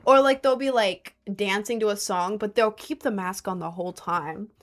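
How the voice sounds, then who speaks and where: A young woman rambles to her live chat, jumping between topics with plenty of "like" and bursts of laughter. Her voice sits at an ordinary middle pitch, relaxed and unhurried. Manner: rambling, animated, frequent "like" and laughs. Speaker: livestreamer. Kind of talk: casual livestream chat reading viewers' messages.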